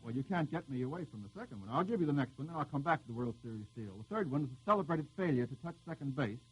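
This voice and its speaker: A man hosting a live radio quiz show, teasing the panel with quick jokes as he reads out the questions. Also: mid-range voice, animated, fairly bright tone, breathy edge, lo-fi sound.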